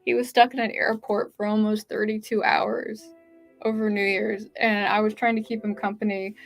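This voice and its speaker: A woman's voice: mid-range voice, little pitch movement, normal speed, creaky, soft background music. A woman hosting a live writing-sprint stream, chatting casually and reading viewer comments aloud, with lots of "like" fillers.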